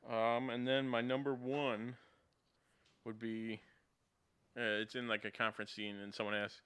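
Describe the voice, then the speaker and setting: Man, movie podcast chat, smooth clear voice, bright, rambly with tangents. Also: mid-range voice, flat delivery, unhurried, long pauses. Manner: rambling, goes off on tangents, many restarts. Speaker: podcast co-host. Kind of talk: casual movie review chat.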